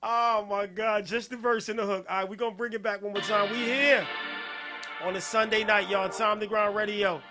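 A man hosting a music-review show in casual live-stream talk, laughing constantly, shouting "hey, yo" and repeating himself. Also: high voice, steady tone, moderate pace. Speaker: podcast host reviewing music.

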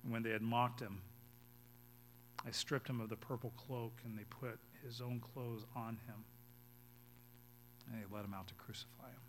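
A male pastor preaching a sermon, reading scripture aloud and explaining it, his voice swelling to loud emphatic peaks and then dropping low and quiet. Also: fairly even intonation, normal speed, pauses often, noisy background.

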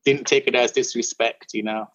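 A man's voice: medium pitch, steady tone, moderate pace, a bit bright. Rambling man, slightly muffled. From Warm Springs, Oregon. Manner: rambling, repeats and restarts words, says "bro" often. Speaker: guest musician. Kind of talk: casual storytelling interview.

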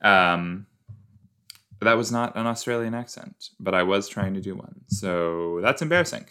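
A man's voice: lowish voice, lively intonation, moderate pace, pushed and bright. A man hosting a casual watch-along, chatting through an episode with rambling, self-deprecating asides. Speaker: reaction podcast host. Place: southern Minnesota.

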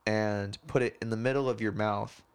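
A man's voice: on the low side, fairly even intonation, normal speed, clean tone. A man co-hosting a casual podcast, rambling through explanations with lots of fillers and the odd swear word. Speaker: podcast co-host. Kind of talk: casual chat.

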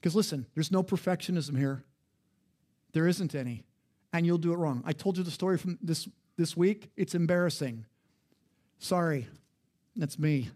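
A middle-aged male pastor preaching a sermon in a conversational, storytelling way, his voice jumping up and dropping low. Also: a little mellow. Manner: conversational, personal storytelling with sudden rises and drops in pitch and volume.

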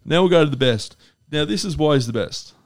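A young man co-hosting a casual sports podcast, telling stories with slow, dramatic pauses. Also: a little high, lively intonation, dry recording, clean studio sound. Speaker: podcast co-host.

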